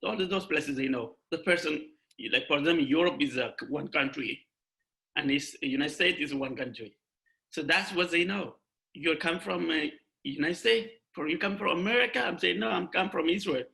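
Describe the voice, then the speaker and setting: A young man giving an emotional personal testimony over a video call, halting and restarting often. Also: fairly high pitch, gravelly, pushed and bright. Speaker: guest speaker.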